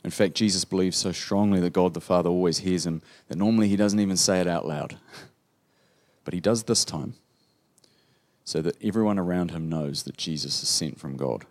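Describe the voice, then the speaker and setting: A man's voice: low voice, moderate pace, darkish tone. A male pastor with a New Zealand accent preaching a sermon, reading old-style Bible verses aloud and then explaining them in plain, conversational words.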